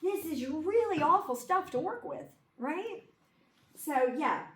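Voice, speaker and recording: A woman's voice: extremely high pitch, lively intonation, slow pace, fairly bright tone. A woman giving a classroom lecture in a conversational way, often checking in with her listeners by asking 'okay?' and 'right?'. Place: lecture room. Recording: echoey room, mic far off, faint background hum.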